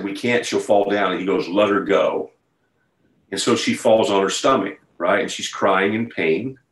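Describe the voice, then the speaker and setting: A man's voice: on the low side, roomy sound, rough recording. A man preaching a sermon over a video call, conversational at first and building to a fervent retelling. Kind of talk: sermon to an online group.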